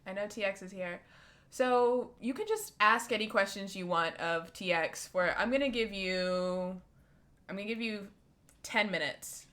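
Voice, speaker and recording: A woman's voice: medium pitch, a little slow, fairly bright tone. A woman running a tabletop game as dungeon master, narrating scenes in a rambling way full of likes and ums.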